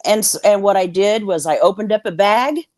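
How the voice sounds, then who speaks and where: On a video call, a female guest shares her story with blunt candor, cursing freely and performing the other people's dialogue herself. Her mid-range voice is a little mellow and moves at normal speed. The recording is dry, with clean studio sound.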